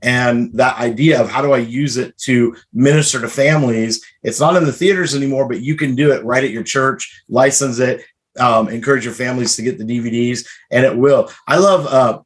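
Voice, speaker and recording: Male podcast host, mid-pitched, chatty and casual, loose fillers. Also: fairly quick. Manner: chatty, restarts with many fillers. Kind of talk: casual interview chat.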